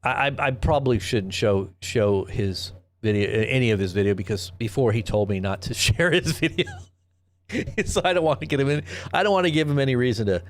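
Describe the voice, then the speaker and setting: A man hosting a live commentary stream, talking in a rambling, sarcastic way with frequent restarts and rhetorical questions. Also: mid-range voice. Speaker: host of a live news commentary channel.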